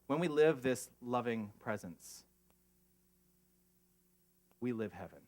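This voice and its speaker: A man preaching a sermon as spiritual leader, earnest and emotional, moving between hushed reflection and lively asides. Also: medium pitch, slow pace. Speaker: pastor.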